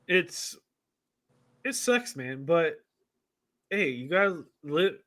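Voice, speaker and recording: A man with a somewhat high voice talks slowly and haltingly, filling gaps with ums as he shares earnest thoughts in a memorial stream chat. He sits close to a desk mic. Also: very animated, pushed and bright.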